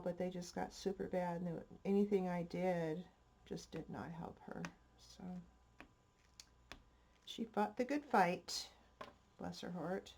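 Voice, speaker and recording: Older woman, slow chatty homespun crafter. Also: fairly low pitch, warm tone. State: stuffy-nosed. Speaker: crafting channel host. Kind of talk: casual crafting vlog chat.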